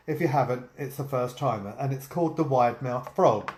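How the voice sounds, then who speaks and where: A man's voice: mid-range voice, normal speed, darkish tone, slight background noise. Hesitant man chatting in an echoey room. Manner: hesitant, many ums and uhs, chuckles. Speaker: vlog co-host. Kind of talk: casual storytelling chat.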